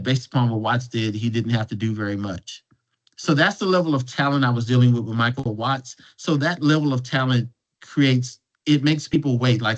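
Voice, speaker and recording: Guest speaker, man, mid-pitched, casual anecdotal delivery with restarts, muffled lo-fi audio. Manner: restarts and repeats words while telling a story. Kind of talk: conversational storytelling.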